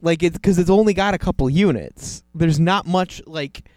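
Man, podcast guest, somewhat high voice, smooth, halting, wry, dry sound. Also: a little mellow, no echo. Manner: halting, filler-heavy, wry. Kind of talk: casual chat.

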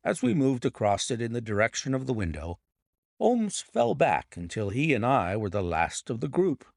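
A man narrating a detective mystery audiobook with dramatic, expressive storytelling. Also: mid-range voice, normal speed, creaky, no room sound, clean studio sound. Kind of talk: scripted narration.

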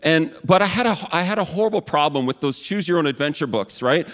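Male pastor, high-pitched, casual sermon delivery with self-deprecating tangents, reverberant room. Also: animated, quick pace, fairly bright tone. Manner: chatty, with self-mocking asides. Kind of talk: conversational sermon.

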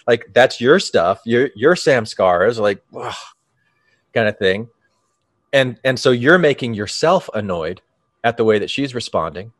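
A man as podcast co-host, calmly reflecting in casual chat on how people upset themselves. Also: medium pitch, measured pace, no room sound, clean studio sound. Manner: calm, reflective, talks of letting go of preferences.

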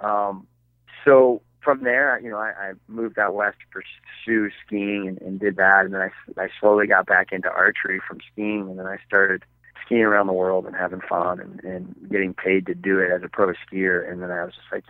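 Man, middle-aged, low voice, rambling storyteller, dry close sound, tinny phone-line recording. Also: fairly even intonation, brisk, no room sound. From Michigan, United States. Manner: rambling, many fillers and restarts. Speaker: podcast guest, archery filmmaker. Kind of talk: casual storytelling. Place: his basement at home.

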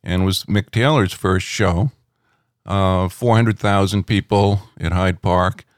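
A middle-aged man, a rock critic, telling anecdotes in a relaxed interview at home, rambling with many fillers. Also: low-pitched, takes it slowly, no room sound, clean studio sound.

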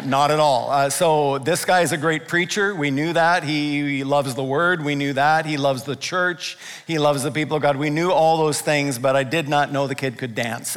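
A man preaching a sermon as pastor, telling stories with lively, playful quoted voices. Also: fairly high pitch. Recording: long reverb of a large room.

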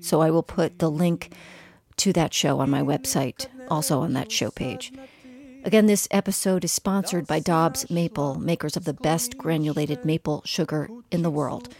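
A woman hosting a podcast reads the closing credits and announcements. Her voice is notably low for a woman, and her reading is friendly and unfussy. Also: moderate pace, darkish tone. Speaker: podcast host. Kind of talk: scripted outro and announcements.

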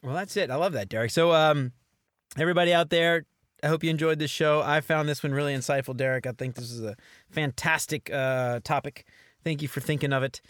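A man's voice: a little high, brisk, a bit bright, dry recording. Laid-back man co-hosting a podcast, dry. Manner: laid-back, playful, chatty. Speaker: podcast co-host. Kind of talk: casual podcast chat.

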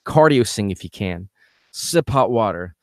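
A man's voice: on the low side, animated, measured pace, no room sound, studio quality. A man hosting a podcast as a vocal coach, giving casual advice with energy and repeating his key points.

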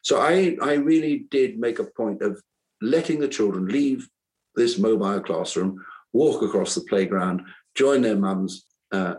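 A man's voice: lowish voice, a little mellow, low-quality recording. An older man, an author who once taught school, talks reflectively in an interview, earnest and rambling, often restarting his sentences. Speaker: author and former teacher.

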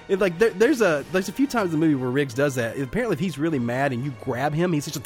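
A man co-hosting a casual movie podcast, retelling scenes with lots of swearing and loud acted-out quotes. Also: fast, few pauses, soft background music. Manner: animated, acts out movie lines with loud high quotes, swears a lot. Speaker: podcast co-host. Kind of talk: casual movie-review chat.

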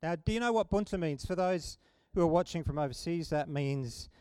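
A middle-aged man preaching a sermon, telling a story in an animated, humorous way. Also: a little high, brisk, clean tone, no room sound.

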